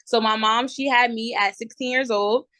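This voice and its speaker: A woman in her twenties with a New Jersey accent, chatting as a podcast guest and telling her story in a lively way. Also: on the high side, moderate pace, no room sound. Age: 20s. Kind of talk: casual interview.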